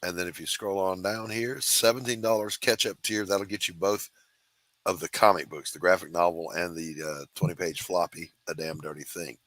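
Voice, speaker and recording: Male host, very deep yet bright voice, dry close sound, salesy pitch. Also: fairly even intonation, normal speed, no room sound. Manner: upbeat, salesy and matter-of-fact. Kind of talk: casual chat and crowdfunding pitch.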